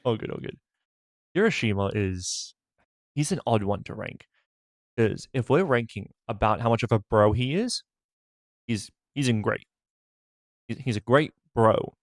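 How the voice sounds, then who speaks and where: A man co-hosting a casual podcast, giving short replies and measured opinions in an easygoing way. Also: medium pitch, dry recording, clean studio sound. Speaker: podcast co-host. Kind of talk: casual chat.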